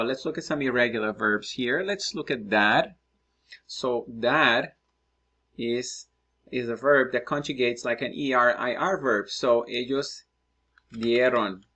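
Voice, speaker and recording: Slow, patient male Spanish teacher. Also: mid-range voice, pushed and bright. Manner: slow, patient, thinking aloud while writing. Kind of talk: screen-recorded lesson, working through exercises.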